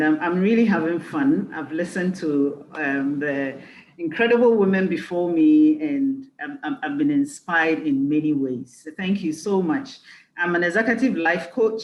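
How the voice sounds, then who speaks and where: A woman's voice: on the low side, roomy sound, low-quality recording. A woman life coach giving a conference talk, earnest and reflective, leaning on key phrases. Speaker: executive life coach and speaker.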